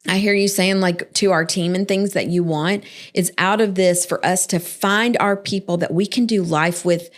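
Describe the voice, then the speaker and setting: A woman's voice: fairly low pitch, fairly even intonation, normal speed, few pauses. A woman co-hosting a casual church podcast, upbeat and chatty. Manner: upbeat, chatty, laughs often. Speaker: co-host.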